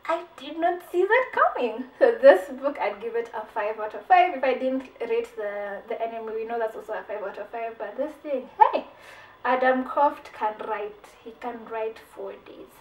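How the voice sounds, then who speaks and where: A woman's voice: on the high side, moderate pace, distant mic. Chatty woman reviewing books in an echoey room. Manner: chatty and animated, with frequent "like" and repeated phrases. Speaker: book reviewer. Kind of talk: casual book review vlog.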